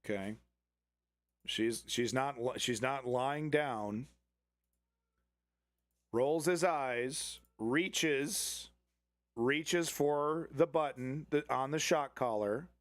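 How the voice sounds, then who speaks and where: A man's voice: mid-range voice, drawn-out words, long pauses, no room sound. A man hosting a live commentary stream, talking bluntly and profanely with frequent restarts. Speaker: live news commentary host.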